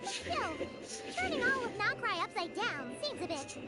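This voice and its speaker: A spirited, bristly young girl boss in a game, high and lively, over loud music. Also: moderate pace, low-quality recording. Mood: determined. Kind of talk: video game voice acting.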